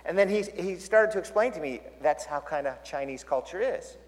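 A male pastor giving a storytelling sermon, jokey and animated, acting out the scenes. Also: a little high, normal speed. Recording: long hall reverb.

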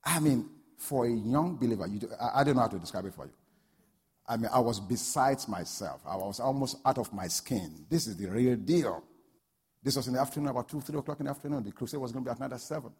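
A man preaching a sermon, telling a story and building to loud, fervent peaks. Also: medium pitch, fast talker, slightly rough. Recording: long hall reverb.

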